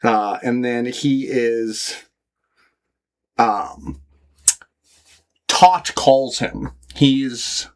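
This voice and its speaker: A man's voice: medium pitch, fairly even intonation, very slow, pauses often. A man co-hosting a podcast, casually retelling a comic story with laughs and quoted lines. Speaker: podcast co-host. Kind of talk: casual chat recapping a comic.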